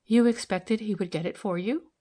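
In an audiobook reading, a woman voices a gentle, quiet questioner at a medium pitch and normal speed. She sets the character a bit above her own natural voice, though it stays close to everyday speech.

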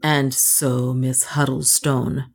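A woman's voice: a bass voice, level tone, slightly rough, voice pushed down, full character voice. Woman voicing a savage, brutal male rival. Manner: slow, brutal, cutting.

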